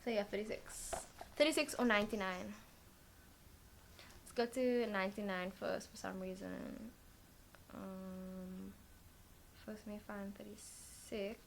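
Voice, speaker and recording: A woman talks through a tarot card reading in a loose, rambling way, filling pauses with ums and likes as she thinks aloud. Her voice sits at an ordinary middle pitch. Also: steady tone, creaky, a little hiss or hum. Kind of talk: casual tarot reading vlog.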